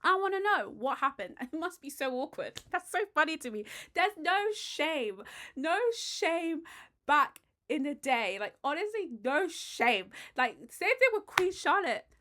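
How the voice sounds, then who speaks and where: A British woman vlogger chatting casually and excitedly about a TV romance, gushing and getting loud at times. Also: high voice, a little slow. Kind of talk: casual chat about a TV show.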